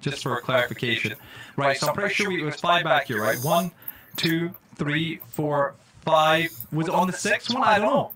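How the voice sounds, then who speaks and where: A man doing casual live-stream commentary while playing a game, jokey and excitable, swearing when startled. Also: a little high, moderate pace.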